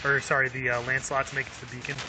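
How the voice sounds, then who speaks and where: A man's voice: mid-range voice, little pitch movement, rapid-fire, music in the background. A man streaming a video game live, chatting upbeat with viewers, laughing often and using lots of fillers. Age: adult with young kids. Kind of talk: live gameplay commentary.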